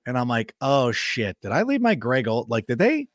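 A man as a guest football analyst in a casual sports chat, telling animated stories, acting out quoted remarks and swearing freely. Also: medium pitch, moderate pace, no echo. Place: studio.

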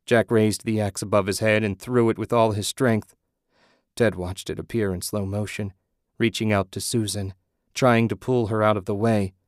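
A man giving steady, measured scripted narration of an audiobook. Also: lowish voice, dry recording, clean studio sound.

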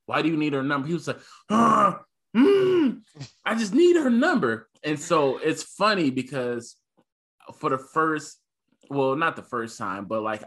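A man's voice: mid-range voice, fairly bright tone. A man in his thirties, a podcast co-host, telling a family story in casual chat and acting out his son's lines.

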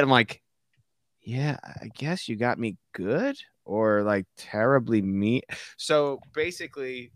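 A man, a podcast guest, telling a story casually and acting out quotes in high voices. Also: fairly bright tone, dry recording, clean studio sound.

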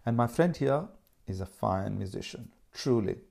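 A man voicing a calm, audacious young man who bluffs coolly, in a read-aloud story, with a low, gravelly voice. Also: moderate pace. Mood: casual. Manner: casual, composed.

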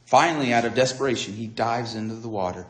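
A man delivering a sermon in the style of a dramatic storyteller. His voice sits at a middle pitch, rising and falling as he acts out the voices of the story. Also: fast, a bit bright, reverberant. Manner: dramatic storytelling, acting out dialogue with swings in pitch and volume. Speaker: preacher.

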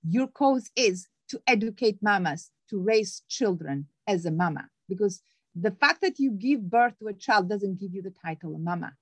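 A woman's voice: expressive, moderate pace, no echo. Emphatic motivational woman, dry sound. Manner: acts out quoted voices with big pitch jumps. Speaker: guest author. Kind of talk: conversational interview.

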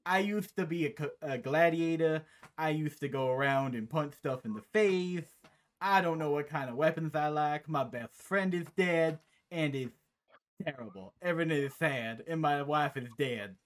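A man voicing a big, simple-minded gladiator who talks in a loud, dopey, flat way while sounding both sad and chipper. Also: a little high, normal speed, natural voice. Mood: dopey cheerful.

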